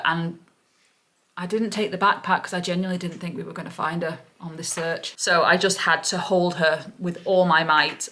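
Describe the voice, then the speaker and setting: A woman's voice: fairly low pitch, sharp tone, slight background noise. A woman vlogger telling a story in an emotional, relieved way, gushing and repeating herself over and over. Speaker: parrot-keeping vlogger. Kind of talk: emotional vlog retelling.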